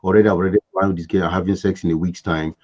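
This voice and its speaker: A man in his forties from Africa, a podcast guest telling his life story in a lively, acted-out way. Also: sits low, quick pace. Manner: animated storyteller, laughs and acts out scenes. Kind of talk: casual storytelling interview. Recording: dull lo-fi sound.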